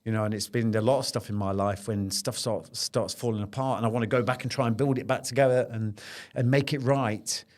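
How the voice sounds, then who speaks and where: A man's voice: medium pitch, fairly even intonation, fairly quick, hardly any pauses. A middle-aged man speaking as a podcast guest, telling a personal story in an earnest, intense way and repeating phrases as he relives it.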